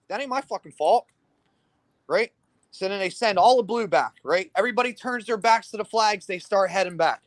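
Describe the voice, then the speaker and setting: A man with a fairly high voice tells a long story about a paintball game in a loose podcast chat. He swears freely, keeps checking in with "right?", and jumps into quick impressions of the people he's quoting. The sound is dry and close. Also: no room sound. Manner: animated, profane, keeps asking "right?"; acts out other people's lines in quick bursts. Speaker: paintball team commander.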